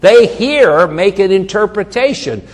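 A man's voice: high-pitched, animated, unhurried, long reverb tail. A man preaching a sermon, reading scripture aloud with rising emphasis and slipping into casual asides. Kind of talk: sermon, Bible exposition.

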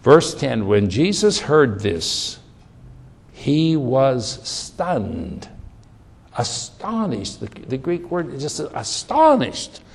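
A man preaching a sermon in an animated way, with restarts and repetition. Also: medium pitch, extremely slow, creaky, husky.

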